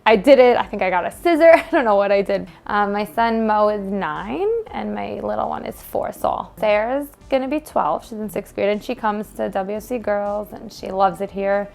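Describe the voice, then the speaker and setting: A woman's voice: medium pitch, moderate pace, gravelly, few pauses, darkish tone. A woman in her thirties with a New York accent, talking candidly and emotionally with many fillers and restarts. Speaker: gym member interviewed by her coach. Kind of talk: candid personal conversation.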